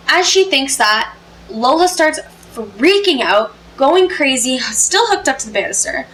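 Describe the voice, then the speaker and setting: A woman's voice: sits high, sing-song, unhurried, fairly bright tone, low-quality recording. A woman telling a story to camera in a casual, chatty way, full of fillers. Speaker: storytelling vlogger.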